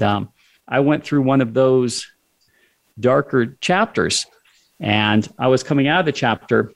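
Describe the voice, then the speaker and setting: A man's voice: mid-range voice, creaky. A man telling a personal story as a guest in a casual conversation, acting out his own lines of dialogue along the way.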